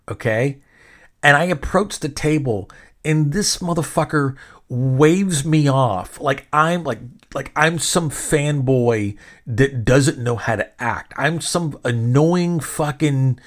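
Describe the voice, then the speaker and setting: Medium-pitched and a bit bright, this man's voice belongs to a podcast host. He rambles indignantly through a long story in casual chat, swearing freely and starting sentences over.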